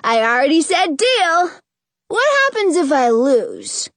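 A woman voicing an excitable, cheeky young boy with a squealing, sing-song manner in an audiobook reading. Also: high voice, takes it slowly, no echo, pitched above the performer's own voice, heavily acted. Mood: eager.

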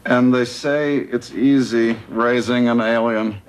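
A man acting a wry sitcom father in a 1980s show, with dry, deadpan quips. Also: medium pitch, takes it slowly, natural voice. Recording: noisy TV audio.

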